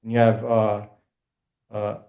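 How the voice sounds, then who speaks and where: A man as a podcast guest, explaining words in a quick, casual way and correcting himself as he goes. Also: lowish voice, completely flat delivery, mellow.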